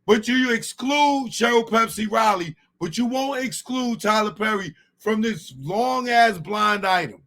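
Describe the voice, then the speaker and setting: A man with a high, light voice hosts a casual commentary. He is animated and dismissive and talks in loose street slang. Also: measured pace, gravelly, hardly any pauses. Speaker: host.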